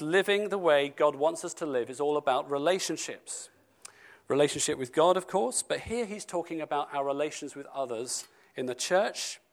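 A man preaching a sermon to his church, stressing key words and slowing down for scripture. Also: mid-range voice. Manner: emphatic, slows down for scripture, speeds up for asides.

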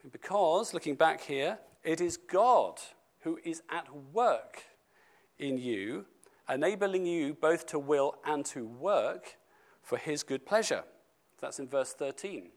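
A man preaching a sermon to his church, stressing key words and slowing down for scripture. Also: fairly high pitch. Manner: emphatic, slows down for scripture, speeds up for asides.

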